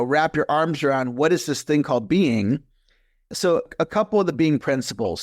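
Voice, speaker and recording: Earnest man in his fifties, fairly high voice. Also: dry recording, clean studio sound. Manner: earnest, repeats key phrases, lively when retelling. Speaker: podcast guest, coach. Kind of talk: conversational interview.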